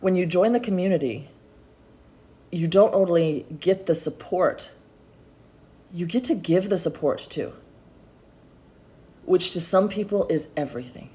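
A woman's voice: lowish voice, measured pace, long pauses, dark tone. A middle-aged woman hosting a solo podcast, talking in a chatty, encouraging way and calling her listeners y'all. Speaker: podcast host. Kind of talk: motivational solo podcast talk.

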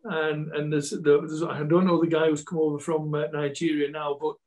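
A man's voice: fairly high pitch, little pitch movement, normal speed, a little mellow, poor audio. Man with a Yorkshire Scottish accent. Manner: rambling with many repeats and restarts. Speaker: football coach and pundit guest. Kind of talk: casual chat, storytelling.

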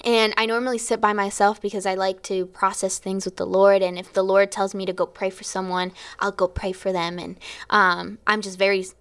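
A woman's voice: mid-range voice, little pitch movement, brisk, smooth. A young adult woman, a teacher, telling a personal faith testimony in a chatty, storytelling way, acting out her own quotes and laughing often. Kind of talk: casual spoken testimony.

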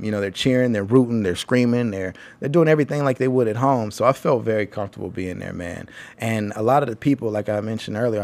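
A young podcast host from Tennessee tells a rambling, laid-back travel story in a Southern American accent, peppered with ums and swearing. His voice is lowish, creaky and a little mellow.

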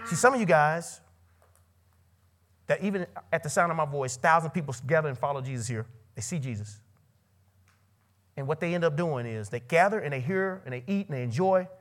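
A man preaches a sermon at a college ministry meeting. He questions the audience directly and swings from loud, soaring lines to quiet, low ones. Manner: preaching with sudden loud rises and quiet drops. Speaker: pastor.

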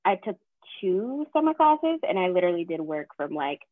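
A woman in her twenties from the American South, a counseling graduate student, co-hosting a podcast and chatting casually with lots of fillers and lively retold quotes. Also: fairly low pitch, moderate pace, dry recording, phone-quality sound. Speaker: podcast co-host. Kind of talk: casual chat.

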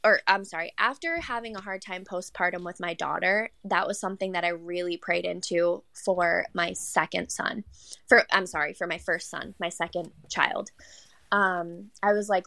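A woman's voice: moderate pace, vocal fry, dry recording. Chatty young woman telling her story. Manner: animated, acts out quoted voices with big pitch jumps; chatty, many likes and self-corrections. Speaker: podcast guest. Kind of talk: casual storytelling.

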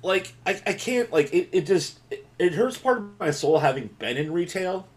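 A man co-hosting a casual podcast chat over a remote call, telling a story in a profane, animated way. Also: sits high, normal speed. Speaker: podcast co-host. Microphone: remote video call.

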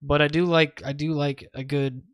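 A man's voice: on the high side, flat delivery, moderate pace, no room sound, studio quality. Hesitant man chatting over a call. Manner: rambling, hesitant, many restarts. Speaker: podcast guest. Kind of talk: casual chat. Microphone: remote voice call.

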